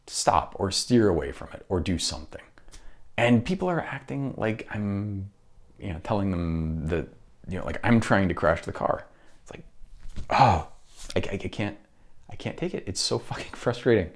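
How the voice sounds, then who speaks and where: Man, very deep voice, frustrated solo rant, profane, rambling restarts. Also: very animated, normal speed, darkish tone. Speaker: podcast host.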